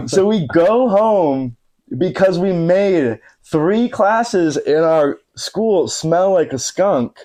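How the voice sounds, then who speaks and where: A man's voice: high-pitched, animated, slow pace, dark tone. A man in his thirties, a podcast guest telling a funny anecdote in casual chat, laughing often and using many fillers, recorded in a living room. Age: 30s. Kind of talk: casual storytelling.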